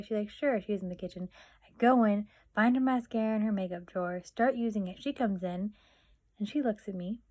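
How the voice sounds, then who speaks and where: A woman's voice: mid-range voice, brisk, warm tone. A young woman vlogging, telling family stories in a chatty way full of fillers and acted-out quotes. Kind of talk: casual storytelling.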